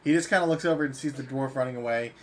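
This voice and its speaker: A man's voice: medium pitch, rapid-fire, noisy background. Man running a tabletop game. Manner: relaxed, often breaks into laughter. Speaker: game master.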